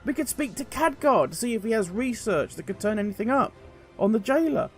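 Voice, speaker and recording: A man giving opinionated video commentary as a gaming commentator, animated and sarcastic. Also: sits high, brisk.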